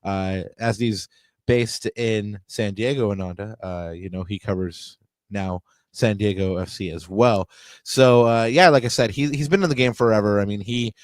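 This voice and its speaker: A man's voice: lowish voice, moderate pace, dry recording. A man co-hosting a soccer podcast, talking casually and rambling with lots of fillers and restarts. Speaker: podcast co-host. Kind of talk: casual sports podcast chat.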